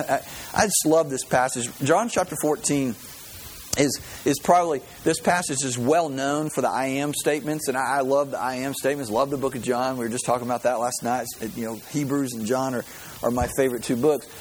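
A man's voice: medium pitch, brisk, poor audio. Earnest male pastor, faint hiss. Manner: earnest, repeats words while building a point. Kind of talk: sermon.

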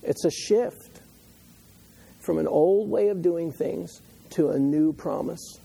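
A man preaching a sermon with a husky, mellow voice pitched a little high. He shifts from calm, steady teaching to loud, impassioned passages. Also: slow pace, low-quality recording. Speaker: pastor.

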